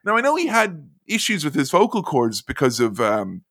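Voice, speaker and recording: A man's voice: on the high side, moderate pace. A man hosting a podcast, telling stories in casual chat and slipping into impressions. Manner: animated storytelling, jumps into impressions. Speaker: podcast host.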